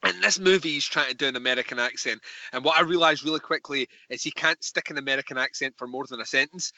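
Bright, enthusiastic man hosting a film podcast. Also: mid-range voice, fast, dry recording. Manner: enthusiastic, swearing. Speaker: podcast host. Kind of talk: casual film review chat.

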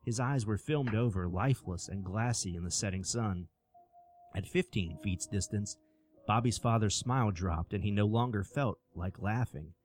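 A man narrating a scripted horror story with an expressive storytelling delivery. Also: lowish voice, moderate pace, faint music behind.

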